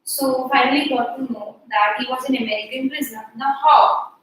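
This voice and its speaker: A woman's voice: high voice, steady tone, a little fast, fairly bright tone, heavy reverb, distant mic, slight background noise, rough recording. A woman teacher with an Indian English accent explaining a story to her class, mixing Hindi and English and acting out the characters, with plenty of fillers.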